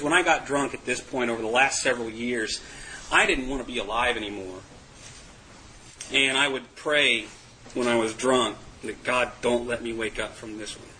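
Guy telling his recovery story to a room, bright voice, laughs a lot, faint room noise. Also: medium pitch, low-quality recording. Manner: candid, self-mocking, laughing often. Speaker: recovery meeting speaker. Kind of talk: personal testimony to a group.

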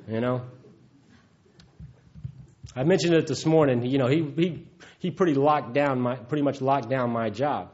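In a dull lo-fi recording, a man with a medium-pitched, slightly mellow voice shares a heartfelt, folksy personal testimony at a recovery meeting. He talks at normal speed and chuckles often.

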